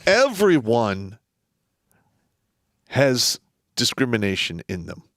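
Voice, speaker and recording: A man's voice: medium pitch, very animated, slow, no room sound, studio quality. A man hosting a casual talk show, blunt and profane, telling stories with plenty of swearing. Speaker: podcast host, veteran. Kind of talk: casual chat.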